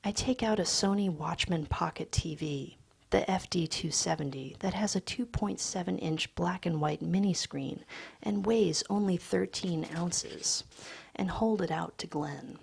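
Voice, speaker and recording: A woman reading a novel excerpt aloud in a hushed, half-whispered delivery. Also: fairly low pitch, a little slow, gravelly, slightly rough. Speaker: reader.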